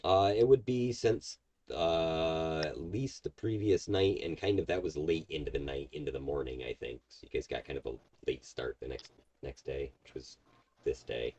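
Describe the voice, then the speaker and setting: A man's voice: rumbling low, normal speed, a little mellow, slight background noise. A man narrating as game master of a tabletop game, explaining at length with many fillers. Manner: rambling, filler-heavy explaining.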